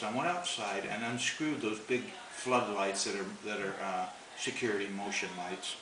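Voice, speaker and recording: A man's voice: lowish voice, fairly even intonation, normal speed, few pauses. A man telling a long story in a rambling, folksy way, chuckling as he goes. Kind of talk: casual spoken storytelling. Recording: roomy, distant, noisy home recording.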